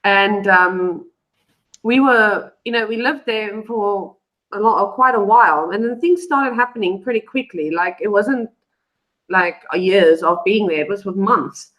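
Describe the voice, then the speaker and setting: A woman guest on a live online show tells a casual story in a rambling way, full of fillers and restarts. Her voice is medium-pitched and fairly bright, with a measured pace and poor audio quality.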